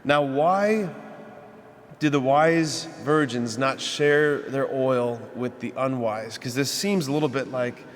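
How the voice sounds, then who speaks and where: A man's voice: medium pitch, takes it slowly, long reverb tail. A man, a priest, preaching a homily in a conversational way, asking the congregation rhetorical questions. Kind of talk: sermon. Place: church.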